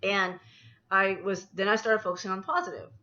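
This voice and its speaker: A woman's voice: medium pitch, expressive, quick pace, pushed and bright. Rambling woman vlogger, lo-fi phone audio. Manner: rambling, talks herself through feelings. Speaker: anxiety coach. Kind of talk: casual personal vlog.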